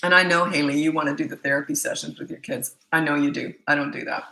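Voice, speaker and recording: A woman parenting coach talks straight to camera in a blunt, emphatic way, hammering her points home by repeating them. Her voice is bright and forceful, and the room gives it a noticeable echo. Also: low voice, steady tone, fast, vocal fry. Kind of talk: casual advice monologue.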